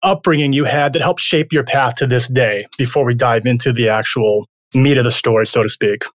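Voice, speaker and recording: A man's voice: medium pitch, brisk, no echo, studio quality. A male podcast host interviewing a guest in an upbeat, encouraging way.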